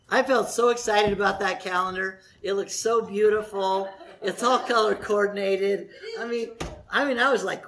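A man's voice: sits high, steady tone, unhurried, a bit bright. A middle-aged man, a pastor, giving church announcements and a sermon in a chatty, jokey way, laughing often. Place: church sanctuary.

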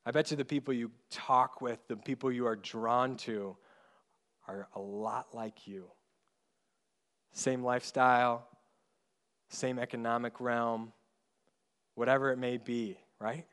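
A male pastor preaching a sermon in an earnest way, growing loud on key points and going soft and slow on tender ones. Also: mid-range voice, fairly even intonation.

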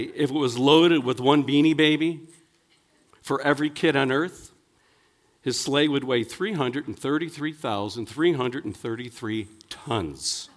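Chatty man preaching a folksy sermon. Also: medium pitch. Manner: chatty, leans on "you know" between thoughts; playful, builds toward punchlines. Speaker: pastor. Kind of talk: folksy sermon with jokes and stories.

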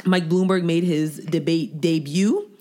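A young woman co-hosting a casual studio talk show, blunt and joking, quick to call things nasty. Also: lowish voice, steady tone, warm tone. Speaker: podcast co-host. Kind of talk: casual chat.

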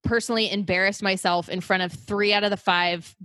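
A woman's voice: mid-range voice, steady tone, brisk, a bit bright, no room sound. A young woman from Canada hosting a podcast, telling stories in a rambling, casual way with many fillers and restarts. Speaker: podcast host. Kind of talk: casual chat.

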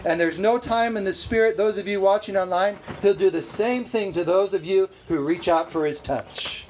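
A male pastor preaching a sermon at a church service, animated and exclamatory, often laughing. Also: sits high, normal speed, a little hiss or hum, low-quality recording.

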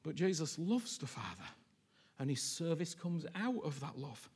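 A man preaching a sermon, impassioned, repeating phrases and swinging from hushed near-whispers to loud pleas. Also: on the high side, big pitch swings, normal speed, slightly rough.

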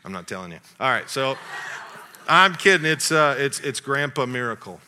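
A middle-aged man, a pastor, preaching a sermon through a family story and acting out the dialogue. He swings between loud excitement and quiet asides. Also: medium pitch, normal speed, a little hiss or hum.

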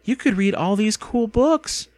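A man reading aloud and voicing an excitable, pushy young girl in a storybook. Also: high voice, unhurried, no echo, pitched above the performer's own voice. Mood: excited.

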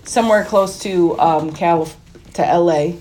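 A woman's voice: lowish voice, measured pace, dark tone, a little hiss or hum. A woman co-hosting a podcast, recapping a film in a chatty, storytelling way. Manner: chatty storytelling, puts on voices when quoting. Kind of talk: casual chat, plot recap.

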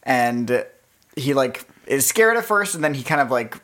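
A woman's voice: very deep voice, sing-song, measured pace, fairly bright tone. A woman co-hosting a podcast, recapping a horror movie in casual chat, laughing often and restarting sentences. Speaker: podcast co-host.

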